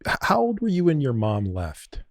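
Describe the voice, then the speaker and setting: Male podcast host, mid pitch, lively inflection, dry close sound. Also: normal speed, no echo. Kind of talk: interviewing.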